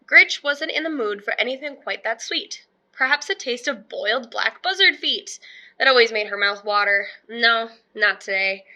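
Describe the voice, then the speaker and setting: A woman teacher reading a children's picture book aloud in a lively, expressive way. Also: a little high, moderate pace.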